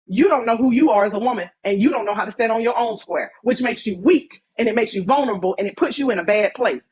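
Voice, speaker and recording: A woman speaks in a husky, somewhat high voice. She lectures emphatically in an online debate and keeps driving the same points home. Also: low-quality recording. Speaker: TikTok debater. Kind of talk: live social media debate.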